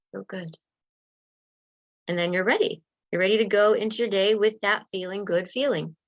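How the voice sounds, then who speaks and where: A woman leads a guided self-help talk, softly encouraging listeners to breathe and relax. Her voice sits at an ordinary middle pitch. The recording is dry and a little muffled. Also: steady tone, moderate pace, no echo. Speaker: wellness coach.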